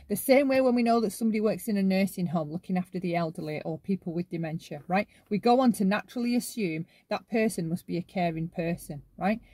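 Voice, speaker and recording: Medium in pitch with a darkish tone and no echo, this commentary channel host talks through a casual monologue in long runs. She caps many of her lines with "right?".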